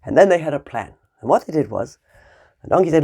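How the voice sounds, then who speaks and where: A woman teacher tells a fairy tale to young children in an animated, playful way. Her pitch swings widely as she acts out the scenes and the animal noises. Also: quick pace, slightly rough. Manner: animated and playful, with sound effects.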